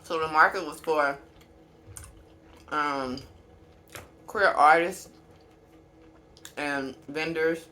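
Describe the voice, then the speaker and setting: A woman who runs a small business, chatting candidly to camera while eating, with long pauses and fillers. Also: sits low, pushed and bright. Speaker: small business owner and vlogger. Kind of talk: casual mukbang chat to camera.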